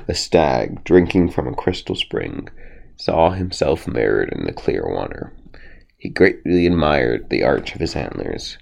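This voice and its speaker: A man reading bedtime fables aloud, slowly, with frequent slips and restarts. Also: a bass voice, creaky. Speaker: storyteller.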